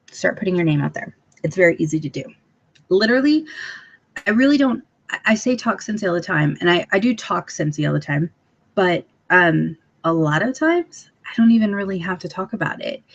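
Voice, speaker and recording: A woman's voice: on the low side, vocal fry. A woman giving a casual training talk to fellow sales consultants, bubbly and chatty, with lots of ums. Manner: bubbly and chatty, with filler ums and sudden playful voices. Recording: dull lo-fi recording.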